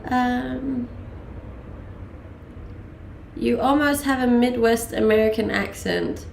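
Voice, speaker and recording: A Danish woman in her late twenties talks casually on her live stream, her English carrying a blend of accents. Her voice has some fry and a gravelly edge, and it sits in an echoey room. She chats loosely, full of ums and small laughs. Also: a little high, slow pace, slight background noise. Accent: Danish with mixed English accents. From Denmark. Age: late 20s. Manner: chatty, many ums and laughs. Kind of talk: casual chat reading live chat.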